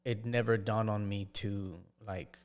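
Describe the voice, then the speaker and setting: Guy on a podcast telling his story, kinda low voice, stops and restarts a lot. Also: fairly even intonation. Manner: halting, with frequent restarts and fillers. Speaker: podcast guest. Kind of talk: casual personal storytelling.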